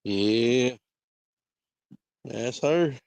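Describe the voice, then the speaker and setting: A man's voice: medium pitch, drawn-out words, creaky, darkish tone, no echo. A man, a kennel owner chatting easygoing on a casual vlog while calling to his dogs in an outdoor yard.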